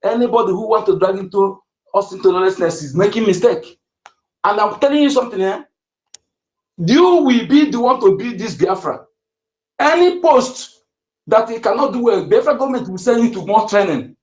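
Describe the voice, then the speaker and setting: A man's voice: sits high, animated, a little fast, roomy sound, dull audio. A man moderating an online audio space, speaking in an earnest, rallying, preachy way.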